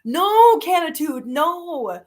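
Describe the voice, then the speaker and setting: A woman hosting a live stream, chatting casually with viewers and telling stories animatedly, swinging from low grumbles to high squeals. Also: very animated, extremely slow.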